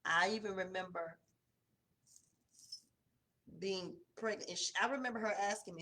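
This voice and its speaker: A woman, telling a personal testimony in a casual, conversational way. Her voice drops low and soft in the emotional stretches. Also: normal speed. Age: 40s. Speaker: host of a morning devotional.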